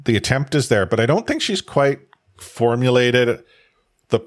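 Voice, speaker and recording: A young man, a father, chatting casually as a podcast co-host, rambling with many halting restarts. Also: medium pitch, animated. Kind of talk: casual chat.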